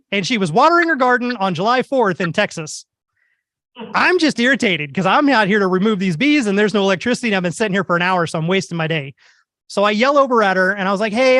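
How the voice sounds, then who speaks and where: A beekeeper speaking at a club meeting, telling a story in an animated, wry way. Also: male voice, high voice, dry recording. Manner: animated, wry anecdotal delivery. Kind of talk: humorous storytelling talk.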